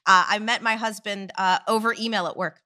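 Bright-voiced woman telling lively stories. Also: mid-range voice, a little fast. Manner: animated storyteller, acts out quoted voices. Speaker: podcast host. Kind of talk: casual chat.

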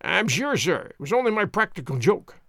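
A man's voice: high-pitched, big pitch swings, moderate pace, creaky, fairly bright tone, no echo, studio quality, heavily acted. A man reading the lines of a sly, cowering old villain, whining and evasive. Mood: wheedling.

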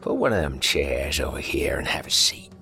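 A hissing, papery-voiced old man , voiced by a male storyteller, who menaces with slow, sneering threats and sometimes drops to a whisper. The voice sits very low and gravelly, with faint music behind it. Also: big pitch swings, pushed and bright, full character voice.

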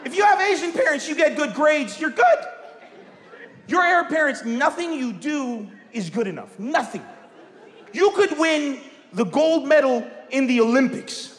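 A man performing animated stand-up comedy on a theater stage, shouting for punchlines, on a handheld mic before a live audience. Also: very high-pitched, normal speed. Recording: echoey hall with crowd.

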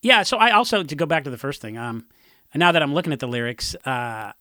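A man from Orange County, a punk musician, telling rambling, animated stories in a casual interview and acting out what others said. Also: mid-range voice, brisk, no echo, clean studio sound. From Orange County, California. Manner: rambling, animated storytelling with acted-out quotes.

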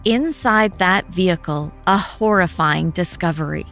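A woman narrating a true crime news segment in a measured, grave, scripted way. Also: lowish voice, fairly bright tone, faint music behind.

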